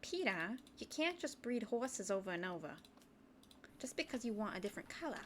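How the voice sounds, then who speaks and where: A woman doing a shrill impression of an exasperated cartoon housewife who scolds her husband. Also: sing-song, normal speed, slight background noise, natural voice.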